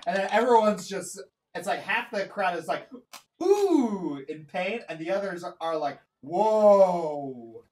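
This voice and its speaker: A man narrating a tabletop game as game master, in a lively, animated way. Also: high voice, brisk, recorded from a distance, rough recording.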